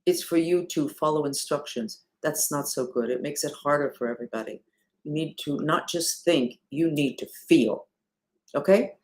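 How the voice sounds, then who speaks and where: A woman, a spiritual movement leader, talking casually and rhetorically to her followers, swinging between emphatic and hushed delivery. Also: sits low, normal speed.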